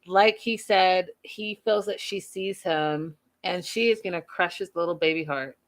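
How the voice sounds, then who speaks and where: A woman's voice: on the low side, a little slow. A woman hosting a TV recap show, chatting casually to her viewers in a gossipy, playfully dramatic way.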